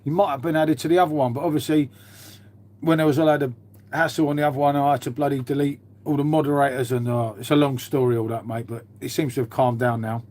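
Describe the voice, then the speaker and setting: Here the garage live-streamer has a mid-range, steady, slightly mellow voice and talks fast. He rambles casually through viewer comments, swears occasionally and addresses everyone as mate from his half-converted garage.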